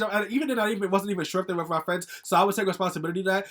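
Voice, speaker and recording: Fast-talking young man, angry rant. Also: high voice, fairly even intonation, a bit bright. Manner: angry, profane, ranting with many fillers. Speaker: vlogger telling a story. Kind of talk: casual storytime rant.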